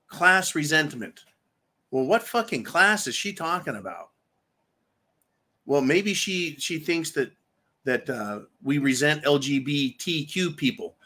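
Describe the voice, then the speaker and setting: A man's voice: on the high side, sharp tone. Profane, heated man ranting. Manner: profane, sarcastic and heated, repeating himself for emphasis. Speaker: political commentary host. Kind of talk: angry political rant.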